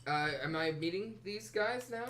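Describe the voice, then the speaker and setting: A man's voice: sits high, lively intonation, moderate pace, bright, forceful tone, a little hiss or hum. A man playing a tabletop game, wry and talkative, chatting casually about his character. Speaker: player.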